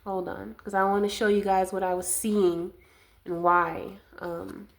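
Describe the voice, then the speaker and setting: A woman's voice: medium pitch, little pitch movement. A woman doing a collective tarot reading to camera, soothing and affectionate, a little winded. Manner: slow, soothing and affectionate, calls viewers loves and darling. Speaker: tarot reader.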